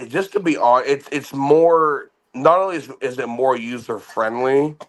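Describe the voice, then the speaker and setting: A man's voice: mid-range voice, unhurried. A man in his thirties telling a profane story, boastful and laughing, tripping over restarts. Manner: boastful, laughing, swears a lot, stammers on restarts.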